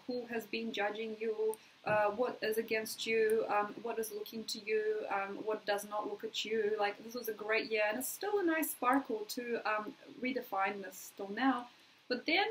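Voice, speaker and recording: A woman's voice: fairly high pitch, slight background noise, rough recording. An Australian woman giving a casual, chatty astrology forecast, playfully acting out little quoted requests.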